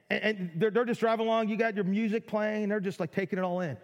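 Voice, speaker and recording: High-pitched middle-aged guy preaching in a big echoey church, gets all worked up and repeats himself. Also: fast talker, few pauses. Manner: excitable, repeats words, acts out listeners' amazement. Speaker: pastor. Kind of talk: sermon. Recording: long hall reverb.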